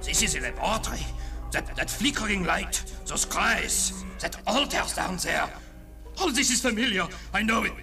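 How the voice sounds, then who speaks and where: An actor playing an earnest, bewildered young pilot in a radio drama. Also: male voice, sits high, expressive, moderate pace, gravelly, bright, forceful tone, faint music behind, full character voice.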